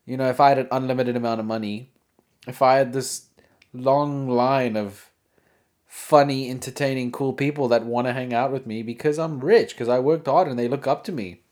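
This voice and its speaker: A man's voice: medium pitch, steady tone, normal speed, darkish tone. A man hosting his own podcast alone, rambling and joking with crude asides. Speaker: podcast host. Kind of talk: casual solo podcast chat.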